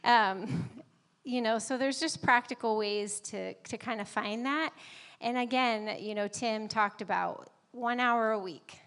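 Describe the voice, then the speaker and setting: A woman's voice: on the high side, unhurried, fairly bright tone, smooth, long reverb tail. A woman in her thirties sharing personal stories in a church message, conversational and laughing often, with many fillers. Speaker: guest speaker at a church service. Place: church sanctuary.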